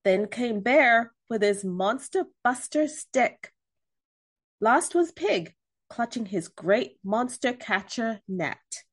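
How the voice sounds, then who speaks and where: A woman reading a picture book aloud to children, gentle and expressive. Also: a little high, slow pace. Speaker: storyteller.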